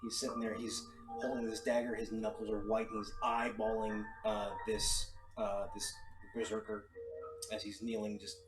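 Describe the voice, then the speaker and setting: A man's voice: on the low side, completely flat delivery, normal speed. Casual man running a tabletop game. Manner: casual, describing scenes with fillers. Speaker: game master. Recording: roomy echo, distant from mic, music behind. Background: music.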